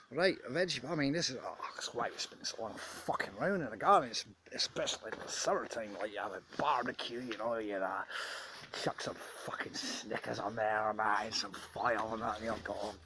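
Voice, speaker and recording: A man's voice: fairly low pitch, noisy background. A man playing a rambling, foul-mouthed ex-soldier with a Scottish accent in a comic monologue, talking outdoors in a garden and dropping into whispers now and then. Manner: rambling, heavy swearing, sudden drops to a whisper.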